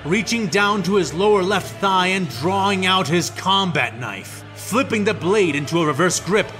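A man narrating a fan fiction story in a steady, descriptive reading. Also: sits high.

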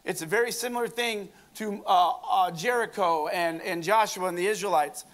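A man's voice: sits high, moderate pace, a bit bright. A man preaching a sermon, reading scripture aloud with jokes and asides to the congregation.

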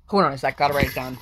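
A woman with a low-pitched voice gives a casual tarot reading. She talks bluntly and swears freely. She drives her points home by repeating phrases. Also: very noisy. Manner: emphatic, repeats phrases for stress. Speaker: tarot reader.

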